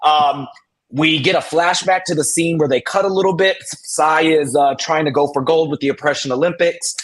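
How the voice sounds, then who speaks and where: A man's voice: a little high, fairly even intonation, normal speed. A man hosting a casual live recap panel, chatty and gossipy, who laughs often between remarks. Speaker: podcast host.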